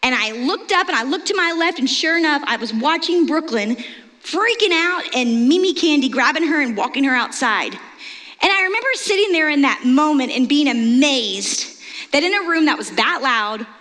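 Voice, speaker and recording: Woman pastor, Texan accent, middle-aged, animated sermon storytelling, high-pitched, long hall reverb. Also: normal speed. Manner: lively storytelling, confiding and animated.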